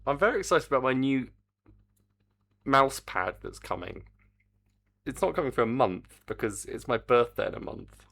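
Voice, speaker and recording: Game developer type, middle-aged man, gravelly voice with a lively swing, grumbles half to himself in casual stream chatter. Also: mid-range voice, normal speed, pauses often. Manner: muttering, grumbling asides to himself. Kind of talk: casual live-stream commentary.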